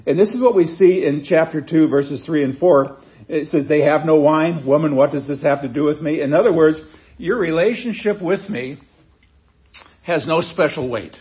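A man's voice: on the high side, moderate pace, dull audio. A man preaching a sermon in a conversational way, reading scripture aloud and stopping to explain it with casual asides. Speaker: pastor.

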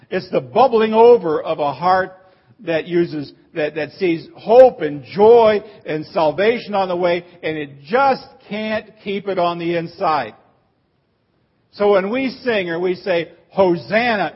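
A man with a high, husky voice preaches a sermon from a church pulpit. He teaches in a steady, explaining way, then swells into emphatic cries on the phrases he quotes. The recording sounds dull and muffled. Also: moderate pace. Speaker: pastor.

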